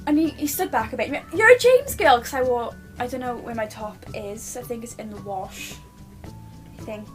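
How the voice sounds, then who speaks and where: A woman's voice: fairly high pitch, moderate pace, soft background music. A young British woman telling a personal story to her camera at home, gushing and rambling with lots of restarts. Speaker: vlogger.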